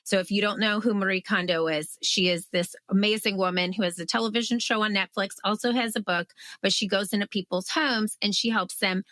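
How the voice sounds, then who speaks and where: A woman in her thirties, a guest on an interview podcast, telling her story in a lively way and acting out her own past outbursts. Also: mid-range voice, fairly quick, hardly any pauses, no echo. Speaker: guest, author.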